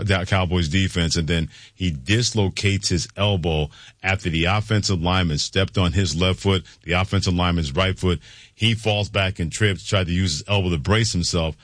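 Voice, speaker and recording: A man's voice: deep voice, dry recording. A male radio host running a sports talk show, upbeat and reading promos and phone numbers.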